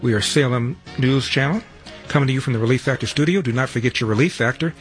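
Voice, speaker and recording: A man's voice: mid-range voice, quick pace, soft background music. A man hosting a talk radio show, delivering brash, wisecracking commentary.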